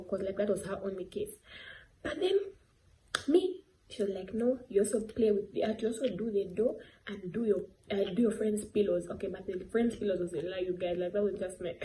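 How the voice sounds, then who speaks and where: Mellow-voiced teen girl rambling story. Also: mid-range voice, a little hiss or hum, low-quality recording. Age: late teens. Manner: rambling, filler-heavy, giggly asides. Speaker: vlogger. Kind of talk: casual storytelling vlog.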